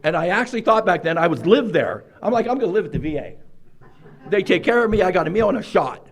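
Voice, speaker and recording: A man's voice: high voice, sing-song, fast talker. A man speaking at a recovery meeting, telling his own story with wry, self-mocking humor and frequent laughs, in a meeting room.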